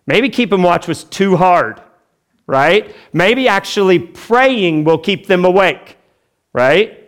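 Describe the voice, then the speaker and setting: A man preaching a sermon as pastor, talking in a chatty, joking way and acting out quotes with big pitch swings. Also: animated, slow pace.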